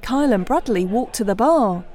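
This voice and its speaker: Lively, mellow female narrator. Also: on the high side, normal speed. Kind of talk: scripted narration.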